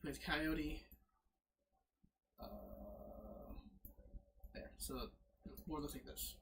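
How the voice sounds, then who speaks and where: A man's voice: fairly high pitch, extremely slow, creaky. A man casually narrating as game master, fumbling with his setup and correcting himself as he goes. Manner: lively, fumbling with slides, self-correcting.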